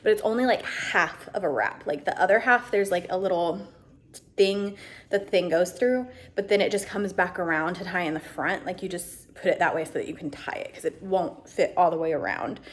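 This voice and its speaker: A woman's voice: lowish voice, moderate pace. Chatty woman venting on camera. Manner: ranting, exasperated, talkative. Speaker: vlogger. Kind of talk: casual chatty vlog.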